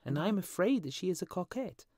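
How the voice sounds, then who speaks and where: A man voicing a small, restless male swallow in a high, chirpy voice. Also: big pitch swings, fast talker, a little mellow, dry recording, studio quality. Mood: complaining.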